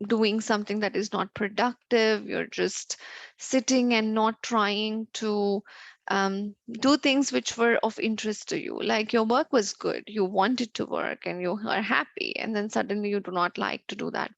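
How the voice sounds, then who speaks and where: A woman's voice: medium pitch, steady tone, a little slow, vocal fry, dry recording. A woman doctor giving an informal educational talk, explaining in a conversational way with many fillers and examples. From United States. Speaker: family medicine doctor giving a health talk. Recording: dull dry lo-fi sound.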